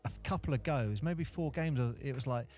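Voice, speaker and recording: A man's voice: mid-range voice, brisk, a little mellow. A British man hosting a casual basketball podcast in a rambling, chatty way. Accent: British English. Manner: chatty, rambling, acts out his announcing. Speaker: podcast host and court announcer. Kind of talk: casual chat. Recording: studio with faint background music.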